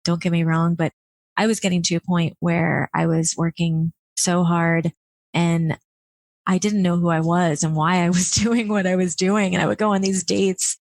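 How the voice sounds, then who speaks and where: A woman's voice: lowish voice, little pitch movement, normal speed, darkish tone, dry recording. A woman in her thirties, a podcast guest, telling candid stories with frequent laughs and acted-out quotes. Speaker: guest, former chief of staff. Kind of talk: casual podcast interview.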